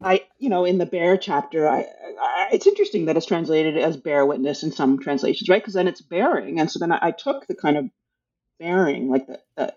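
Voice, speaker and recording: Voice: mid-range voice, fairly quick, darkish tone, muffled recording. An author talking casually about their book, hesitant and thinking aloud, with many restarts. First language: English.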